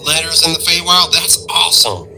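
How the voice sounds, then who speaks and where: A man's voice: fairly high pitch, animated, normal speed, music in the background, rough recording. A man playing at a tabletop game, chatting in a joking way. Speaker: player.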